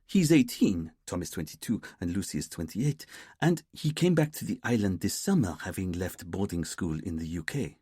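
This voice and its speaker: A man voicing a young female detective sergeant who speaks quickly, eagerly and matter-of-factly. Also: low-pitched, very animated, dark tone, husky, no echo, clean studio sound, exaggerated voice. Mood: brisk.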